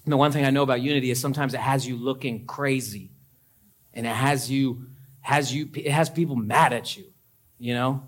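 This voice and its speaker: A man's voice: mid-range voice, steady tone, brisk. A young adult man preaching a sermon as a pastor, talking conversationally and swinging into emphatic, climbing peaks.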